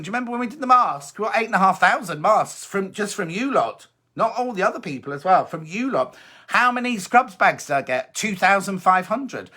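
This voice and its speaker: A man's voice: high-pitched, pushed and bright. A man hosting a sewing live stream from home, chatting and reading out viewer comments in an upbeat way. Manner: chatty, upbeat, repeats points, reads comments aloud. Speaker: sewing show host.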